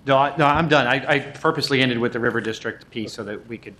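A man's voice: medium pitch, fast talker, bright, forceful tone, low-quality recording. A man from agency staff answering council questions, often repeating words as he explains. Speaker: development agency staff member.

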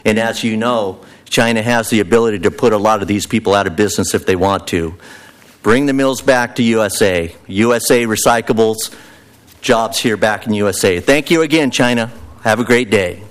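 A man's voice: fairly low pitch, moderate pace. A man giving earnest, repetitive public testimony full of rhetorical questions. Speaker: public commenter at a city council meeting.

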